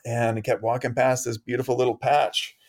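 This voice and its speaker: Male guest, mid pitch, loose rambling storyteller, laughs a lot. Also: fairly quick. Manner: rambling, animated, laughs often. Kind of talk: casual storytelling interview.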